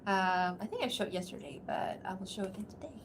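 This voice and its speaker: A woman streamer from outside America chatting casually on a livestream, talking in quick asides and laughing often. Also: medium pitch, expressive, slight background noise. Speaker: streamer and voice actor.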